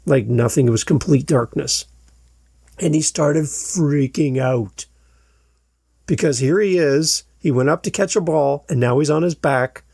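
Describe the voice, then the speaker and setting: Podcast host, male, gravelly and husky, higher-pitched, animated storyteller, dry close mic. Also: measured pace, no room sound. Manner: animated storyteller, acts out quoted shouts. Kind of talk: storytelling monologue.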